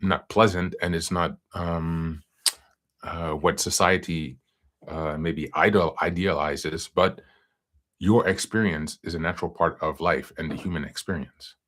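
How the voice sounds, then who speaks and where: A man's voice: deep voice, fairly even intonation, unhurried, a bit bright. A man hosting a self-help podcast, talking casually with many fillers and asides, then reading from a book. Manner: rambling, frequent fillers and "you know". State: hiccuping. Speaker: podcast host.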